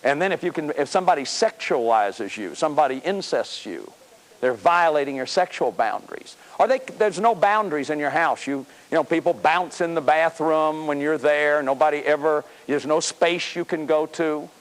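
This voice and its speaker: A man's voice: fairly high pitch, normal speed. A man in his fifties giving a self-help lecture, emphatic and repeating words as he drives points home. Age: 50s. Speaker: speaker on healing the inner child.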